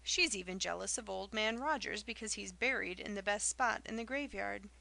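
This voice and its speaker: A woman reading the part of a spiteful old village gossip in an audiobook, loud and derisive, with rustic dialect. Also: medium pitch, normal speed, gravelly.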